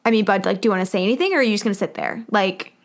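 A woman's voice: mid-range voice, racing. A young woman co-hosting a podcast in casual chat, talking loosely with lots of fillers and laughing often. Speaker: podcast co-host.

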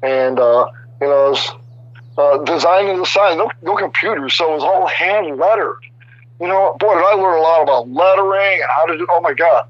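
An older man in his sixties chats as a guest, his stories full of restarts and sudden animation. His voice sits a little high. The audio is dry and somewhat dull, like a remote radio call. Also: brisk, no echo. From Chicago area. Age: 60s. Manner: rambling, animated, many restarts. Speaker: guest artist. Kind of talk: casual storytelling interview.

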